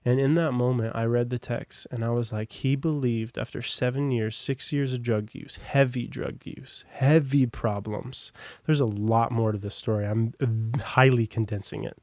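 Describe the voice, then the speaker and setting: A man's voice: medium pitch, fairly even intonation, moderate pace, few pauses, darkish tone, dry recording. A young American man on a podcast, telling his own story in a casual, rambling way with lots of fillers and asides. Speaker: podcast guest.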